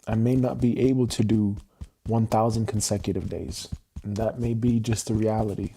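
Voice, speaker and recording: A man talking unscripted on a livestream, raw and emotional, halting and repeating his phrases as he restarts them. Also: on the low side, steady tone, dark tone, slight background noise.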